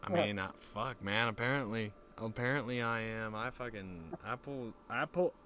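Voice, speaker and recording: A young man casually chatting on a stream, telling a story in a rambling, profane way and breaking into lively voices when he quotes people. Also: lowish voice, moderate pace, slight background noise. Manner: rambling, profane, animated quoting.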